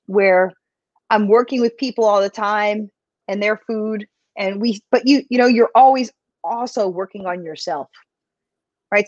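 A woman's voice: medium pitch, no echo. Chatty woman health coach, lo-fi sound. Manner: chatty, animated storyteller. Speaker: health coach and business owner. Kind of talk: live podcast interview. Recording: dry, dull lo-fi sound.

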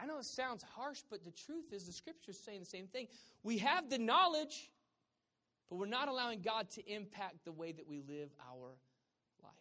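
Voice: medium pitch, fairly bright tone. A pastor with a Southern US accent preaching a sermon, joking with the congregation and asking them questions. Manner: humorous, conversational, quizzing the congregation. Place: church hall with congregation.

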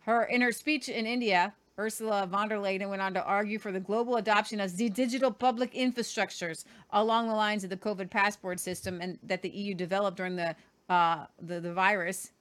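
A woman's voice: medium pitch, steady tone. A woman hosting an opinionated news commentary show, sarcastic and emphatic. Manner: sarcastic, emphatic, talks in quick bursts. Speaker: host.

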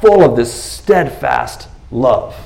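A man preaching a sermon in an animated, conversational way, often acting out scenes in quoted voices. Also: medium pitch, slow pace, vocal fry. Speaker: pastor.

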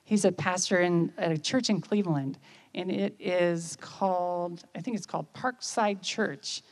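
A woman, giving a conversational sermon and often checking in with listeners with quick questions. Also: on the low side. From United States. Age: 50s. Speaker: speaker at church.

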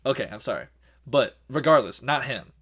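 Excitable young man, lively pitch. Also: moderate pace, slightly rough. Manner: excitable, says "dude" and "like" a lot. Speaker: podcast co-host. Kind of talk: casual chat.

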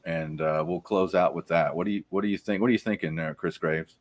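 Deep-voiced man hosting a casual podcast. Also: steady tone, a little fast. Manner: rambling, with frequent fillers and restarts. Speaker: podcast host. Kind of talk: casual conversational chat.

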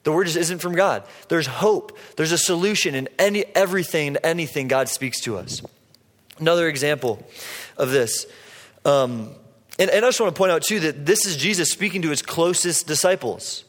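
A young man giving a sermon as a preacher, conversational and animated, with frequent fillers. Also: on the high side, moderate pace. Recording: long hall reverb.

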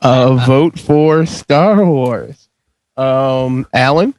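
A man's voice: medium pitch, very slow, darkish tone, dry recording. A man hosting a podcast, calling on panelists and tallying their votes. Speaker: podcast host. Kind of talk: moderating a vote.

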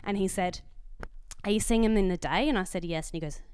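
A woman's voice: medium pitch, fast talker, clean tone. An Australian woman co-hosting a podcast in casual chat, telling a story with animation and acting out the other people's lines. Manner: animated storyteller who acts out quoted dialogue. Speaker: podcast co-host.

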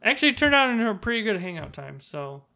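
Man, high bright voice, animated casual storyteller acting out quotes. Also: fast, vocal fry. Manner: animated, acts out quotes in raised voice.

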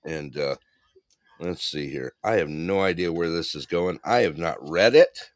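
A man's voice: low voice, a little slow, no echo, studio quality. A man hosting a variety show, chatting loosely with co-hosts and laughing often. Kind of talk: casual banter reading joke books aloud.

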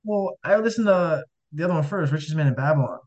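A man's voice: a little high, animated, fast talker, a little mellow. Guy rambling thru his story, lots of "you know" and "like", acts out the dialogue, kinda dull lo-fi sound. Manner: rambling, heavy on fillers, acts out quoted dialogue. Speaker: guest. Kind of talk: casual storytelling. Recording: dull lo-fi audio.

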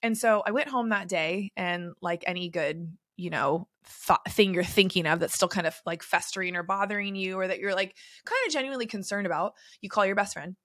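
A woman's voice: medium pitch, a little fast, hardly any pauses, fairly bright tone, no echo. Young woman solo podcaster, chatty, says like a lot, dead dry mic. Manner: chatty, filler-heavy storytelling. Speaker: podcast host and beauty industry coach.

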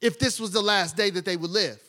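A man with a high voice preaches a brisk sermon as a pastor, posing rhetorical questions to the congregation and lowering to a hush when he wants emphasis.

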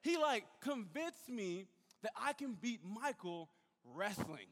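A young man giving a sermon, telling a lively personal story and acting out the voices of the people in it. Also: high voice, slow. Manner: animated storyteller, acts out voices and shouts. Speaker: youth pastor. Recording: long hall reverb.

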